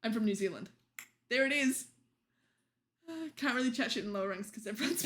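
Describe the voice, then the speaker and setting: A woman's voice: a little high, expressive, a little fast, long pauses, a bit bright. Chatty teasing woman streamer. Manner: chatty and teasing, laughs often. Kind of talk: casual late-night chat with viewers.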